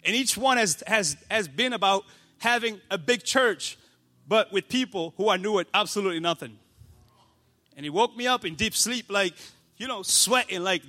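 A man pastor delivering a passionate sermon to his church, building to shouts. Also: sits high, lively intonation, normal speed. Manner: passionate, preaching with rising shouts.

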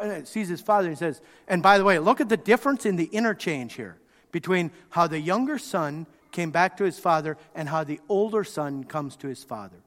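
A man preaching a sermon, telling the story in an animated way and acting out the quotes. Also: on the high side, moderate pace. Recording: reverberant hall.

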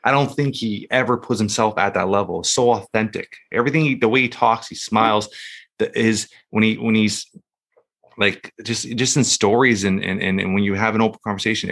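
A man hosting a casual interview, talking in an earnest, halting way with repeated words. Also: on the low side, steady tone, fairly bright tone. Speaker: interviewer, host.

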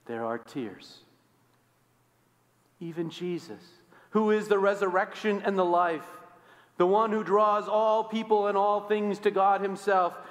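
A male pastor preaching a sermon in a church, swinging between loud emphasis and hushed, quiet lines. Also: sits high, long reverb tail. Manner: expressive, swings from loud to hushed, acts out quoted voices. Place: church sanctuary.

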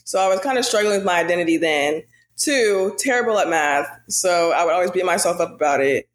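A woman's voice: on the low side, lively intonation, brisk. A young woman from the United States speaks casually as a guest. She hesitates often and fills her sentences with small fillers. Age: young adult. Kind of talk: casual conversation.

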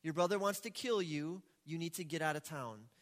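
A man acting out a scheming mother who quietly directs her son, in a sermon retelling. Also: fairly high pitch, animated, fairly quick, in a large hall. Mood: urgent.

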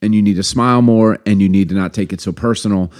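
A fairly low-pitched man chatting on a podcast, lively and joking. He laughs easily and keeps the talk light while making his point. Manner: animated, joking, quick to laugh. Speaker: podcast co-host. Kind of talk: casual podcast chat.

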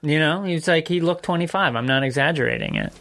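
A man's voice: fairly high pitch, wildly swooping pitch, fast talker, vocal fry, bright, forceful tone. A man co-hosting a podcast in casual chat, talking bluntly and swearing freely. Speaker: podcast co-host.

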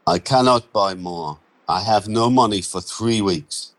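A man's voice: fairly low pitch, close to an everyday voice, low-quality recording. A man voicing a weary Romanian migrant laborer. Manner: halting broken English, sad and tired.

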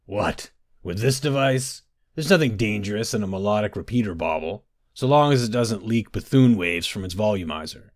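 Man reading gruff know-it-all dwarf engineer, low and scoffing. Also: expressive, normal speed, no echo, clean studio sound, close to an everyday voice. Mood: lecturing. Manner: brusque, scoffing. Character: dismissive older male dwarven engineer.

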